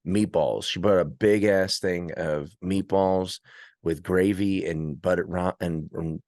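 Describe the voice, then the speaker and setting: A man's voice: sits low, fairly even intonation, slow, darkish tone, no room sound, studio quality. A man, a podcast guest, chatting casually and telling rambling stories with frequent laughs. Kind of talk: casual chat.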